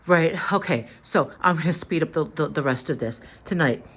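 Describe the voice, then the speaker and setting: A tired, drained woman telling a story to the camera in a halting way, repeating words and restarting. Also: sits low, a little hiss or hum. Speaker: vlogger.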